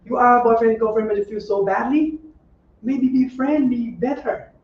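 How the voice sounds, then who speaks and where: A middle-aged man, a Buddhist monk, giving an informal dharma talk in simple, repetitive phrasing with frequent rhetorical checks and gentle advice. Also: very high-pitched, normal speed, slight background noise. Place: meditation center room. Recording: roomy echo, distant dull lo-fi mic.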